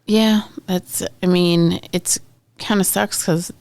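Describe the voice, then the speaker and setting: Low gravelly woman, sick co-host. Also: steady tone, slow pace, a little mellow, dry recording. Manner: brief, supportive replies. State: sick with covid. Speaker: podcast co-host. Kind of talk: casual podcast chat.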